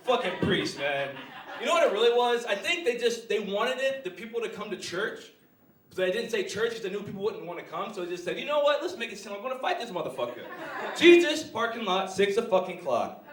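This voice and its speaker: A man's voice: sits high, fairly bright tone. A young man performing crude stand-up, laughing at his own jokes. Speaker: stand-up comedian. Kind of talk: live stand-up routine. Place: small comedy club stage. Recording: roomy live venue from far off.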